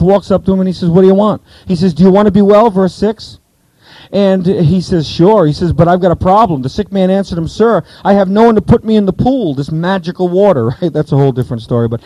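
A man preaching an expository sermon in a conversational, animated way, sometimes acting out voices from the Bible stories. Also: sits high, no room sound, low-quality recording.

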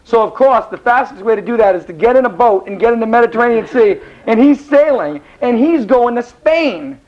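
A man's voice: extremely high pitch, a little fast. A man teaching a Bible class in a casual, rambling storytelling style, acting out the characters as he goes. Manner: rambling, animated, acts out the characters. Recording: dull lo-fi recording.

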